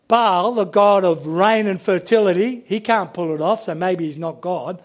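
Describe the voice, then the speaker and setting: Casting: male preacher, high voice, lively sermon delivery with repeated words. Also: brisk, few pauses. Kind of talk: sermon with Bible reading.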